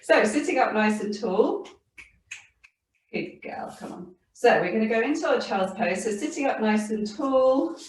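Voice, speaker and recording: A woman teaching a yoga class for children, gentle and encouraging, laughing now and then, recorded at home by a camera across the room. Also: on the high side, lively intonation, normal speed, far from the mic, slight background noise. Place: home room with her dog and cat. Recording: very echoey room, voice from off-mic.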